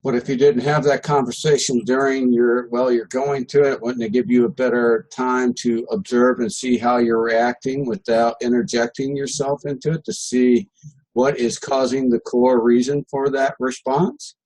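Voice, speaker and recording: A man's voice: mid-range voice, level tone, moderate pace, darkish tone, poor audio. A man student asking questions in a class. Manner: inquisitive.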